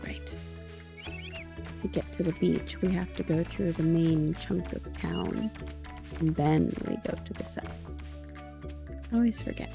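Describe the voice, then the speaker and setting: A woman giving soft, playful, unhurried commentary while playing a relaxing game. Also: low voice, creaky. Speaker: gaming channel host. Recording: game music underneath.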